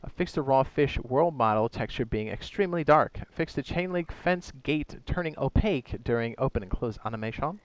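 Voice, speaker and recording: A man reads game patch notes aloud casually, tossing in joking asides and stumbling and correcting himself along the way. His medium-pitched voice is expressive and a little fast, with few pauses and no room sound.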